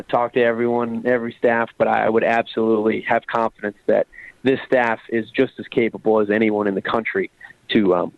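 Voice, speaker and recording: A man's voice: lowish voice, no room sound. Man talking football over a tinny phone line. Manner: rambling, many fillers and restarts. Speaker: guest, former college football player. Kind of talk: casual phone-in sports talk.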